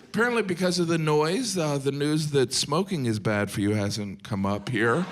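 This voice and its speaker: A middle-aged American man doing a stand-up set, deadpan, slipping into silly voices for the people he quotes. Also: fairly high pitch, moderate pace, heavy background noise. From United States. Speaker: stand-up comedian. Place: live comedy venue with audience.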